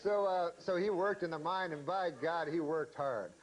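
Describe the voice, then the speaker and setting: Deadpan rambling male storyteller. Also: a little high, normal speed, low-quality recording. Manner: deadpan, meandering, full of hesitations and restarts. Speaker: comedian. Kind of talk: rambling comic storytelling in conversation.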